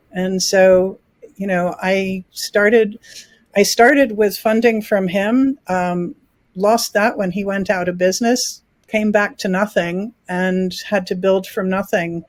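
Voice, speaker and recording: A woman's voice: mid-range voice, fairly even intonation, unhurried, no room sound. Woman in her sixties, dry close sound. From New York, raised in England. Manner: frequent restarts, laughs easily. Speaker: film festival founder. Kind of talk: conversational interview answers.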